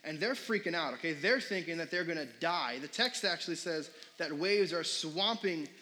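A man's voice: a little high, moderate pace, pushed and bright, poor audio. A young adult man preaching a sermon as pastor in a casual, conversational way, full of fillers and questions put to the congregation.

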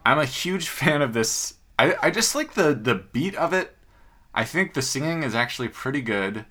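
A man's voice: medium pitch, big pitch swings, moderate pace, pushed and bright, faint music behind. A man co-hosting a casual podcast, upbeat and jokey, asking his partner questions. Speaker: podcast co-host. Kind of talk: casual chat.

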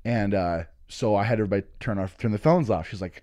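Man in his thirties, comic storyteller, mid-pitched, dry close mic, swearing and voicing quotes. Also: quick pace, dry recording. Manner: animated, swearing, acting out quotes. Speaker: comedian guest. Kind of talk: casual storytelling. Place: studio.

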